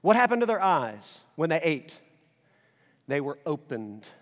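A male pastor preaching a sermon in a conversational, animated way, alternating between loud emphasis and quiet, intense passages. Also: a little high, measured pace, big-room sound. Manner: casual conversational asides.

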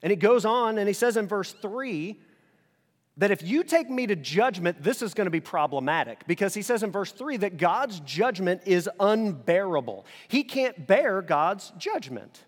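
Male pastor, conversational sermon delivery with loud peaks and hushed stretches; slightly higher pitch, recorded in a reverberant hall. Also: normal speed. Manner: animated preaching, swings between loud emphasis and quiet intensity; casual conversational asides.

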